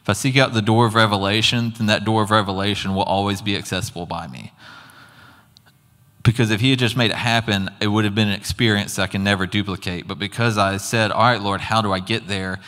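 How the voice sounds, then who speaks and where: A man's voice: on the low side, fairly even intonation, quick pace, fairly bright tone. A man giving an earnest, conversational sermon testimony with casual asides. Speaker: preacher. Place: church hall. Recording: long hall reverb.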